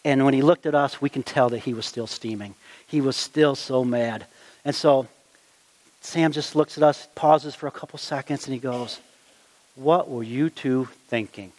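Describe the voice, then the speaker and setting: A middle-aged man telling a personal anecdote in a folksy, animated way, acting out the quotes as he goes. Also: medium pitch, normal speed. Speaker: storyteller. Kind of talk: personal anecdote, told aloud.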